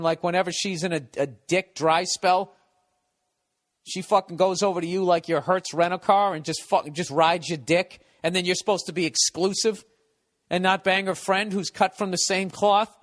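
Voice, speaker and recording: A man hosting a podcast, ranting in a blunt, cynical way, swearing freely and stumbling over restarts. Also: high voice. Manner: profane, rambling, stumbles and restarts. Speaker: podcast host. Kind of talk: casual podcast rant.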